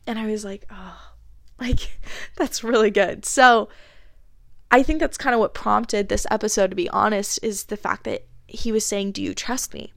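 A young woman with a congested voice, earnestly chatting through a faith podcast episode with frequent fillers and soft laughs. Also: mid-range voice, fairly even intonation, moderate pace, creaky, no room sound, studio quality. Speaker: podcast host. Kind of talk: casual faith podcast monologue.

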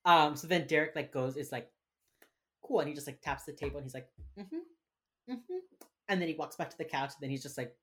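A woman with a very deep, husky voice chats through a TV episode recap. She retells scenes with animation and slips into the characters' lines as she goes. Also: steady tone, very fast, few pauses. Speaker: podcast co-host. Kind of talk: casual chat recapping a TV episode.

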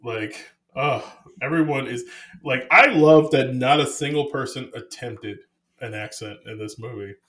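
A man co-hosting a casual movie chat, rambling and full of "like", quick to laugh. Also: medium pitch, a bit bright.

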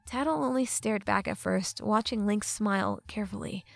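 A woman narrating a fantasy audiobook in a measured, expressive storytelling manner. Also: medium pitch, creaky, no echo. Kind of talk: scripted narration. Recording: dry close mic with faint music.

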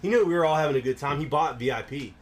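A man's voice: fairly high pitch, rapid-fire. A man hosting a podcast, telling a rambling story in casual chat, swearing heavily and dropping "bro" and "dude" often.

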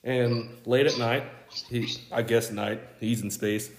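A young man casually pitching a story, rambling and quoting characters in an offhand voice, with casual swearing. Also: level tone, slow pace, roomy sound, slight background noise. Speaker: podcast host.

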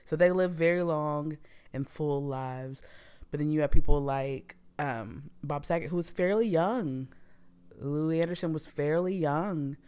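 A woman's voice: deep voice, unhurried, warm tone, smooth. A woman in her thirties hosting a casual solo podcast, talking candidly and rambling with frequent fillers. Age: 30s. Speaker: podcast host.

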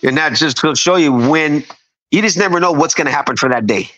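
This fifty-something podcast guest spins a casual yarn full of profanity, tangents, and emphasis. He talks briskly in a somewhat high, slightly bright voice, captured with dull lo-fi audio.

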